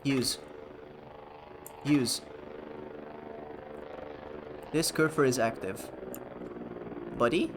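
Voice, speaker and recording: A man's voice: mid-range voice, takes it slowly, background noise. Male streamer, casual live gameplay talk, sardonic and foul-mouthed, mid-range voice. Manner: sarcastic, swearing, joking with chat.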